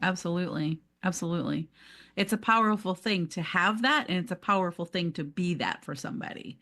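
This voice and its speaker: A woman co-hosting a motivational podcast in casual chat, animated and laughing often, acting out quoted self-talk. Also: lowish voice, fairly quick. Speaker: podcast co-host.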